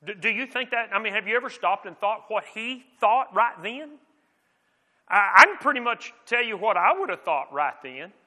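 A man's voice: sits high, animated, moderate pace, pushed and bright. A man preaching a sermon in an earnest, conversational way, with frequent restarts and rhetorical questions. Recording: long reverb of a large hall.

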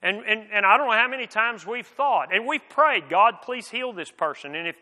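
A man's voice: high voice, animated, normal speed, pushed and bright. A man preaching a sermon in an earnest, conversational way, with frequent restarts and rhetorical questions. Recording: long reverb of a large hall.

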